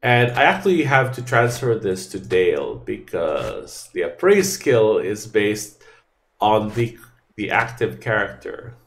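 A man's voice: on the low side, sing-song, measured pace, vocal fry. A man giving casual gameplay commentary, thinking aloud in an offhand way and often trailing off. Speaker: let's play gamer.

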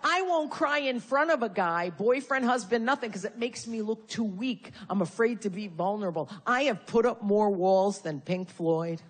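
A woman's voice: mid-range voice, moderate pace, hardly any pauses. A woman from Connecticut doing a stand-up comedy set, brash and profane with punchy insult jokes. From Connecticut, USA. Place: live comedy venue with audience.

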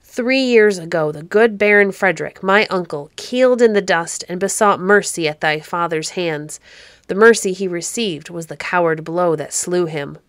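A woman voicing a stern middle-aged baron, a man with a deep, harsh, commanding manner, in a storybook reading. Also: moderate pace, a bit bright, smooth, no echo, clean studio sound. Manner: cold and commanding.

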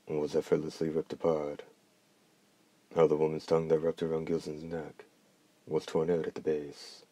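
A man narrating a dark fantasy novel in a measured, grave audiobook reading. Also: rumbling low, no echo.

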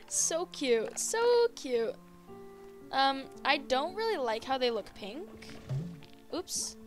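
A young woman casually commenting on a game she plays, gushing and easily excited, talking to the creatures on screen. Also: high voice, takes it slowly, faint music behind. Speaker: gaming video host. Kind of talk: casual let's-play commentary.

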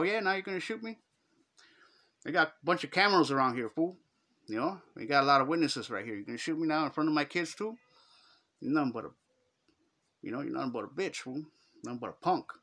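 A man's voice: mid-range voice, sharp tone. A middle-aged man with a Chicano Los Angeles accent, telling a story in slangy street talk and acting out the quotes. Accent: Chicano English, Los Angeles. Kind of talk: casual storytelling.

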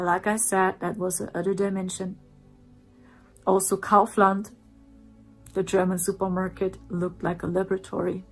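Woman slowly telling her story, earnest, goes hushed sometimes, faint music under it. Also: medium pitch, gravelly. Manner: earnest, repeats herself, drops to a hushed voice for dark parts. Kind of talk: personal storytelling.

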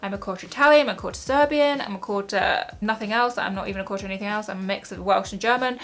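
A woman's voice: mid-range voice, quick pace, a bit bright. A young woman chatting casually at home for her vlog, giggly and self-mocking as she stumbles over words. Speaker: YouTuber.

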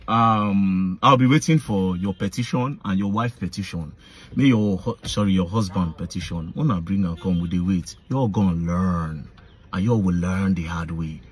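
A man with a lowish voice and a Nigerian Pidgin English accent rants in a confrontational vlog, with a little hiss or hum in the audio. The online commentator addresses his targets directly, hurling heated accusations.

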